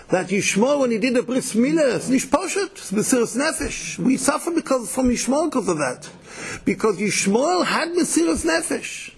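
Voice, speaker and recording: A man's voice: very high-pitched, husky. A man giving a Torah lecture, mixing Yiddish and Hebrew terms, often repeating words and restarting. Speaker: Torah teacher.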